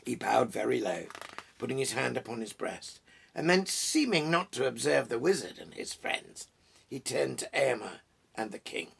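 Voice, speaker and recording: A man reading a story aloud with expressive, relishing delivery and short asides. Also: mid-range voice, normal speed, creaky, husky.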